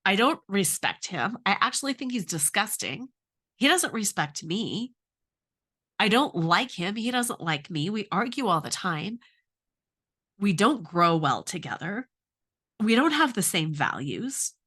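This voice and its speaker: Husky and sharp-toned, her mid-range voice is very animated yet unhurried. The middle-aged woman coaches on relationships, earnestly asking many questions and relating her personal story.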